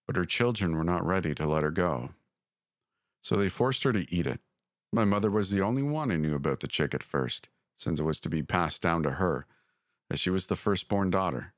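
Deep voiced guy reading a horror story, slow and deliberate, dry close mic. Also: no room sound. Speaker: podcast narrator. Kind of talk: scripted horror story narration.

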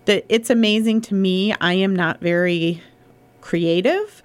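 A woman's voice: mid-range voice, measured pace. A woman hosting a local radio show, chatting casually and enthusiastically with her guest. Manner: chatty and enthusiastic, thanks people.

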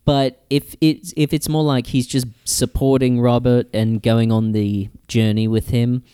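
A man with a British accent co-hosts a comedy podcast in loose, joking chat. His voice sounds dark and mellow, smooth and clean, with dry close-miked sound and no room at all. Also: mid-range voice, little pitch movement, a little slow, no room sound. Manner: jokey, plays a British character bit. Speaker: podcast co-host.

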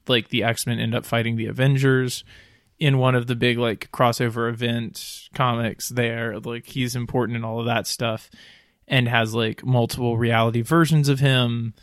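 A man's voice: mid-range voice, little pitch movement, a little slow, dry recording, clean studio sound. A young man explaining comic-book lore on a podcast, rambling with lots of "like" fillers. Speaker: podcast panelist. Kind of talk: casual movie discussion.

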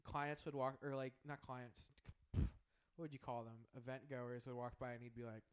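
A man's voice: mid-range voice, little pitch movement, moderate pace. A man hosting a podcast, telling rambling stories in casual chat and laughing often. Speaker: podcast host.

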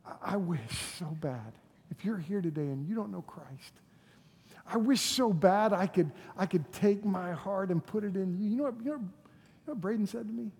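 A pastor preaching a sermon and giving an altar invitation, swinging from loud pleading to hushed, near-whispered lines. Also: mid-range voice, normal speed, breathy edge. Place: church sanctuary with live congregation. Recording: long hall reverb with faint music.

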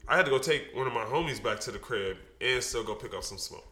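A man's voice: mid-range voice, lively intonation, quick pace, pushed and bright, echoey room. A man co-hosting a casual podcast, telling a long profane story with lots of animation. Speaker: podcast co-host.

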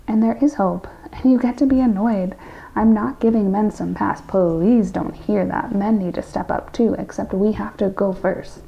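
A woman's voice: mid-range voice, vocal fry, warm tone, muffled recording. A woman in her thirties hosting a solo podcast, a therapist speaking directly and encouragingly to her listeners.

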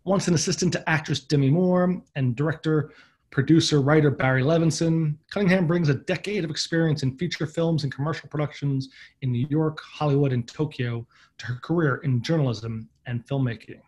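A man's voice: on the high side, a little fast, a little mellow. A man hosting a podcast, reading an upbeat scripted introduction and then chatting casually with his guest. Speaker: podcast host.

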